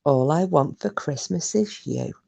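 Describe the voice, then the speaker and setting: A woman's voice: low voice, animated, measured pace, gravelly, darkish tone, highs cut off. Chatty woman telling stories. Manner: chatty, swears freely, self-mocking. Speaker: live-stream host. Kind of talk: casual chat and storytelling with viewers.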